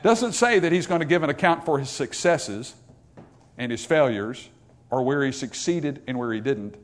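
A man preaching a sermon, emphatic, rising to loud, raised passages and dropping to quiet asides, reading scripture in old-fashioned wording. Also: medium pitch, animated, moderate pace.

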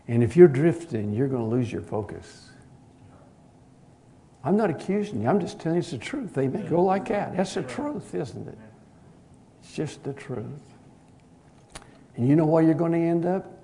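A man's voice: a little high, very animated, normal speed, pauses often. Earnest preacher man telling a story. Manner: earnest, direct, swinging between loud and quiet. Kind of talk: sermon with storytelling.

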